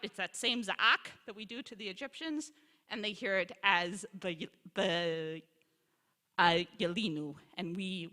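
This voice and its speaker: Bright-voiced woman teaching in a hall. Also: medium pitch. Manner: lively, conversational, acts out quoted complaints. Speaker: scholar in residence lecturer. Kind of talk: informal Bible teaching talk. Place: congregation sanctuary or hall. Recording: long reverb of a large hall.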